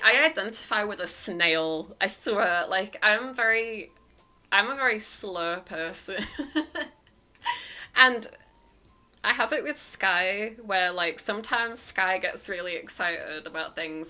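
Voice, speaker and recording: A woman's voice: medium pitch, unhurried, sharp tone. A woman chatting casually to her stream viewers, telling a story in a rambling, hesitant way full of fillers.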